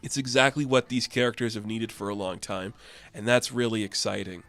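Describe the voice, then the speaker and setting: A man's voice: on the low side, brisk, fairly bright tone, soft background music. A man casually reviewing a comic book issue with enthusiastic, chatty recaps.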